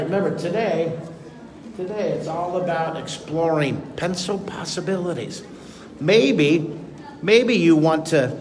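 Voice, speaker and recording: A middle-aged man leading a live drawing lesson for a school assembly, energetic and encouraging as he talks straight to the kids. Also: fairly high pitch, a little hiss or hum. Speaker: drawing teacher.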